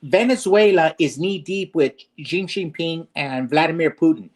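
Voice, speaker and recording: A man's voice: on the high side, moderate pace, darkish tone. A man lecturing and arguing in a heated political debate, combative and profane, firing off rhetorical questions.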